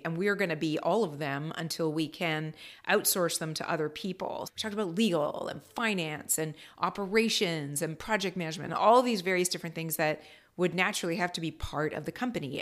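A woman coach telling a candid, reflective personal story in a casual vlog, swearing now and then, with her pitch jumping up when she gets animated. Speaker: ADHD coach.

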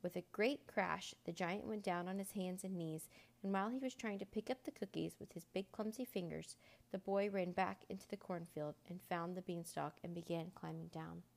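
A woman reads a children's storybook aloud with steady, expressive storytelling. Her voice sits a little low and has a gravelly grain. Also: normal speed. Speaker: narrator.

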